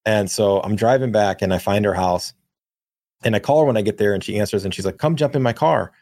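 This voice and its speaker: A young man co-hosting a podcast, telling a long profane anecdote in a rambling, animated way. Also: on the low side, a little fast, no room sound, clean studio sound. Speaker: podcast co-host. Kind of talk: casual storytelling.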